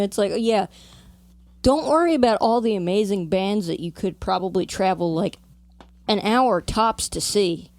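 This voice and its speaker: A woman's voice: medium pitch, lively intonation, normal speed, darkish tone. Rambling woman podcaster from New Jersey. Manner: rambling, tangent-prone, lots of "like". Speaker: podcast co-host. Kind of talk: casual chat.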